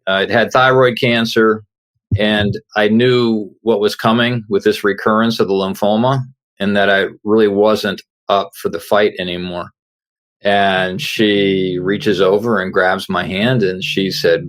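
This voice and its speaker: Fairly low in pitch and a little slow, with fairly even intonation, this middle-aged man is an author appearing as a guest on an interview show. He shares a personal story with earnest sincerity, acting out the quoted dialogue of those involved.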